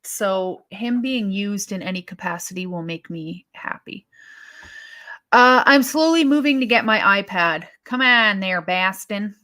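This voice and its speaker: A woman's voice: medium pitch, lively intonation, unhurried, pushed and bright. A woman co-hosting a wrestling live stream, chatting casually and thinking aloud with sighs and restarts as she reacts to viewer comments.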